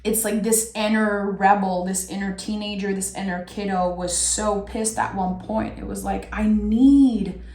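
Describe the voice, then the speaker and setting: A woman giving a soft, heartfelt tarot reading with many pauses, speaking straight to her viewer. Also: medium pitch, flat delivery, reverberant. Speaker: tarot reader. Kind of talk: emotional tarot reading monologue.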